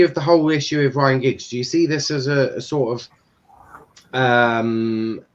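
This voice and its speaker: A young man talks through a football match in a relaxed, chatty way. He keeps turning questions over to his listeners in a mid-pitched voice. The stream audio sounds a little dull and lo-fi. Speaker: livestream football commentator. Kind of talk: casual alternative commentary chat.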